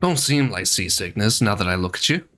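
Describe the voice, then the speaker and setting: A man voicing a chatty sailing merchant in a rough folksy accent he admits he is not good at. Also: lowish voice, moderate pace, fairly bright tone, lightly acted. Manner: homely, colloquial, slightly clumsy put-on accent.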